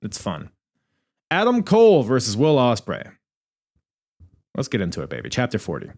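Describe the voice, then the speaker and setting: A young man hosting a podcast, reviewing in a casual, animated way, swearing and laughing at his own asides. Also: mid-range voice, a little fast. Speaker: podcast host.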